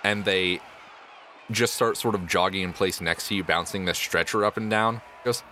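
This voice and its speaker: A man's voice: deep voice, fairly even intonation, normal speed, pushed and bright, a little hiss or hum. A man narrating as game master of a tabletop game, playful and often chuckling.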